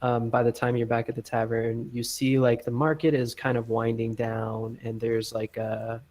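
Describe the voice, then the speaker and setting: A man's voice: medium pitch, flat delivery, normal speed, darkish tone, poor audio. A man narrating as game master of a tabletop role-playing game, rambling casually with many fillers. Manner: rambling, filler-heavy, lots of "like" and "um".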